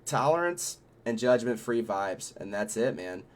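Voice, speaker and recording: A man's voice: mid-range voice, animated, measured pace. A man hosting a casual chat about a festival he organized, talking in a loose, profane, laid-back way. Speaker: festival organizer and show host.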